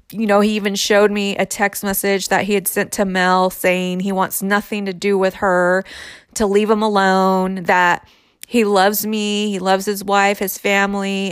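A woman's voice: mid-range voice, smooth, dry recording. Woman telling a personal story, dry sound. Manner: candid, conversational with frequent fillers.

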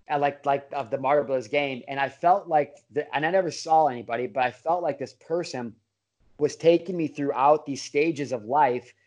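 A man's voice: mid-range voice, moderate pace, a little mellow. A middle-aged man, a podcast guest, telling a story in a casual way, full of bro slang, fillers and restarts. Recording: dull lo-fi audio.

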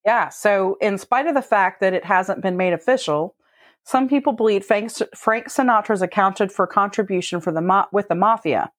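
A woman's voice: medium pitch, normal speed, no echo, studio quality. A woman co-hosting a comedy chat, reading out facts in a matter-of-fact way. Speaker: co-host presenting facts.

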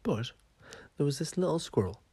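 A man's voice: on the high side, animated, moderate pace, dark tone, breathy edge, no echo. A man hosting a podcast, telling a story in a chatty, sweary way. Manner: chatty, sweary, says "right?" often. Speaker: podcast host. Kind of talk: casual storytelling.

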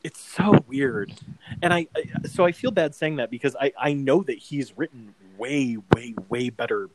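Heavy background noise sits under this podcast co-host, who speaks at a moderate pace in a medium pitch. Chatting casually about a TV adaptation, he wanders through his points with many fillers and performs the lines he quotes.

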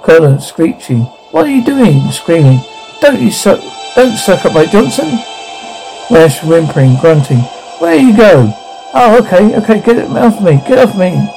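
A crude, wisecracking man from a TV horror-comedy, yelling his lines in a panic. His voice sits slightly high, with a warm, mellow tone. Faint music plays underneath. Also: sing-song, a little slow, vocal fry, full character voice, poor audio. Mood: panicked.

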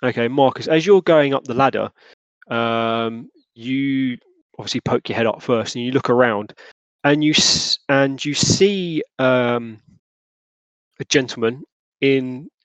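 A man narrating a tabletop role-playing game as game master, often pausing and restarting his sentences. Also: medium pitch, no room sound. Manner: hesitant, lots of ums and restarts. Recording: dull lo-fi sound.

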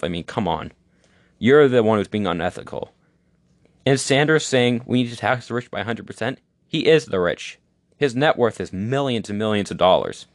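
A man's voice: lowish voice, no room sound, studio quality. A young man hosting his own show, giving opinions in a rambling, casual monologue. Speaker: podcast host.

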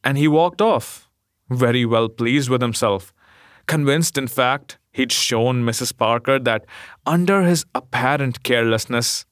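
A man reading a short story aloud in a measured, gentle way. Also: medium pitch, no room sound, clean studio sound. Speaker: narrator.

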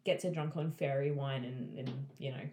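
A woman's voice: rumbling low, steady tone, normal speed, warm tone, echoey room. A woman casually retelling a book's plot to a friend, swearing freely and acting out the characters' lines. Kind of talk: casual chat.

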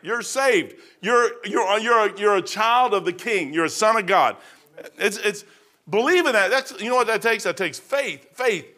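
A man's voice: sits high, animated, moderate pace, pushed and bright. A middle-aged man preaching a sermon in a folksy, repetitive way that rises to fervent emphasis.

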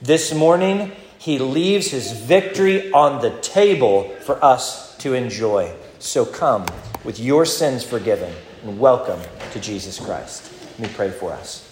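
A man preaching a communion sermon and leading prayer, fervent and emphatic, rising to loud declarations and dropping to quiet low asides. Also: expressive, unhurried, reverberant, slight background noise. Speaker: pastor.

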